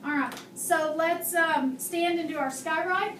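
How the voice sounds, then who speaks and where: A woman with an extremely high voice teaches a classroom phonics and handwriting lesson, unhurriedly quizzing her students and modeling sounds with patience. The room is echoey, the mic is far off, and there's a faint hum.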